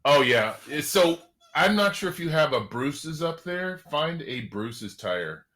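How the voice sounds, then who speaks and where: A man's voice: fairly high pitch, very animated, measured pace, pushed and bright, faint music behind. A man hosting a casual video call chat, talking in a rambling way with frequent restarts. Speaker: host.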